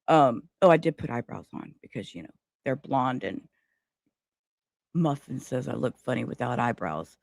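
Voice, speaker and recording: Woman streamer, scattered chatty delivery, very up-and-down pitch, dry close sound. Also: no echo. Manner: rambling, scattered, swears casually. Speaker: livestream host. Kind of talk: casual livestream chat.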